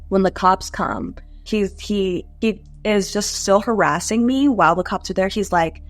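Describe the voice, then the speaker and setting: A woman's voice: medium pitch, measured pace, few pauses, faint music behind. A young woman in her twenties, an interview guest, telling her personal story candidly and conversationally, with frequent "like" fillers.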